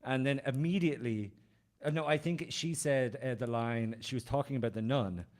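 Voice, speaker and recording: A man's voice: medium pitch, normal speed, darkish tone. Podcast guy annoyed about a movie, kinda exasperated, casual chat. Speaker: podcast co-host. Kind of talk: casual film discussion.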